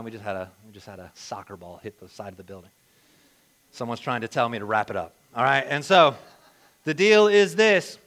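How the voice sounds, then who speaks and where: A man preaching a sermon, telling a lively story and then reading and explaining scripture aloud. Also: high-pitched. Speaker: pastor.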